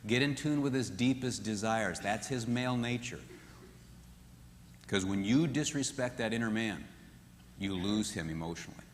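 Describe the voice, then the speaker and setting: A man teaching a marriage seminar in an animated way, often acting out what spouses say. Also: on the low side, normal speed, long pauses, slight background noise. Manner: animated, acts out quoted voices. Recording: echoey hall with long reverb.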